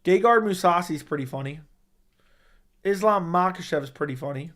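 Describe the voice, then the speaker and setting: A young man hosting a casual livestream, reading viewer comments in a laid-back, low-key way and swearing casually. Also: fairly quick, fairly bright tone. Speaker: livestream host reading chat.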